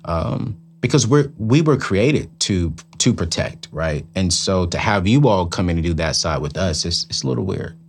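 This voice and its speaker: A man's voice: sits low, animated, moderate pace, creaky, hardly any pauses. A middle-aged man co-hosting a casual chat, speaking emphatically and repeating phrases for effect.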